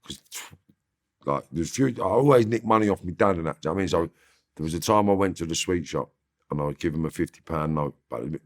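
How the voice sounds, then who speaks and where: A man's voice: low-pitched, fast. A man with a London accent, an interview guest telling stories casually in streetwise slang. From Northwest London. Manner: slangy, streetwise, animated when recounting. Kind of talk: casual storytelling.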